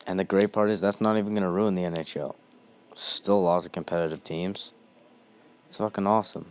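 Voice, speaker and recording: A man's voice: low-pitched, clean tone. A young man hosting a ranting monologue, heated and blunt, swearing constantly.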